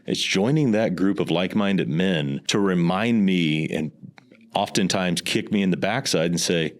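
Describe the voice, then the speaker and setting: A man in his thirties or forties speaks as a podcast guest, earnest and emphatic, stacking repeated phrases for weight. His voice sits a little low. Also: unhurried. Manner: earnest, emphatic, leans on repetition. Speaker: guest, business executive. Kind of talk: reflective interview talk.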